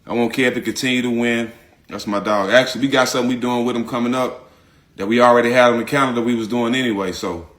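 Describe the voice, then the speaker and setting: A public figure speaking out, this man addresses his audience directly in loose, slangy, casual talk, driving home the same points over and over. His bright, forceful voice sits at an ordinary male pitch, with fairly even intonation and a fast pace, and his manner is emphatic.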